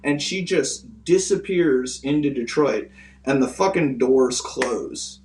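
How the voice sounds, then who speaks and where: A man's voice: mid-range voice, expressive, slow pace, a little mellow. A man guest telling a long story in a casual, rambling, profane way, full of fillers. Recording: roomy, distant mic, faint music.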